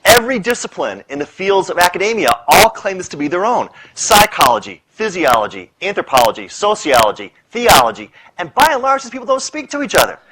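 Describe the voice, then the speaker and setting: Middle-aged man, public lecture, animated storytelling, bright forceful tone, lively swinging pitch. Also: fairly quick, few pauses, a little hiss or hum, poor audio. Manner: animated storyteller, punchy lists, playful asides. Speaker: speaker on stress. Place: lecture hall with audience.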